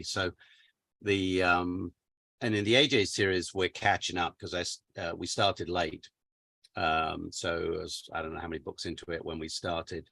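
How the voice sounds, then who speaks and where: An English man, an audiobook narrator, chatting casually and relaxed, with plenty of fillers. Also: low voice, creaky, dry recording. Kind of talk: casual conversation.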